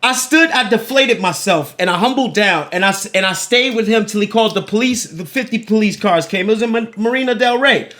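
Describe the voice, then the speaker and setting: A man hosting a podcast, telling a story in casual, animated, profane chat, a little winded. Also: sits high, brisk, hardly any pauses. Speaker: podcast host.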